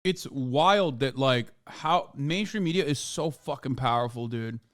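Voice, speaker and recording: A man's voice: mid-range voice, expressive, measured pace. A man, giving profane, sarcastic live-stream commentary while reacting to a video. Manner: profane, sarcastic, swings loud when mocking.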